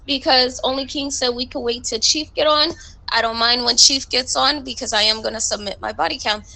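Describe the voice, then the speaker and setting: A woman's voice: sits high, brisk, vocal fry, sharp tone, low-quality recording. A woman in a roleplay game voice chat, heatedly complaining and confronting a superior. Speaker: roleplay police recruit. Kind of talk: in-character voice chat, arguing.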